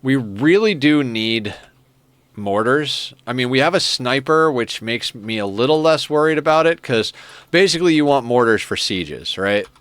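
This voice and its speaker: A man plays a strategy game on stream, chatting casually at normal speed in a mid-range voice that is fairly bright, clear, and resonant, with lively intonation and no echo. Into his desk microphone he rambles through a story, laughing at his own telling.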